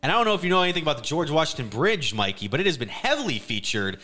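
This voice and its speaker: A man co-hosting a casual podcast, retelling a film plot in an animated way with quick quoted lines. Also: fairly high pitch. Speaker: podcast co-host. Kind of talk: casual movie recap chat.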